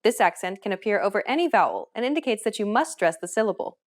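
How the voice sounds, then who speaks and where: A woman hosting a language course, reading a scripted lesson in a clear, even teaching manner. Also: mid-range voice, fast talker.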